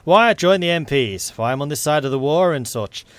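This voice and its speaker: A man voicing a gruff, blunt Yorkshire military policeman with a put-on Northern English accent, grumbling in a folksy way. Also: on the high side, animated, fairly quick, a bit bright, no room sound. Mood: earnest.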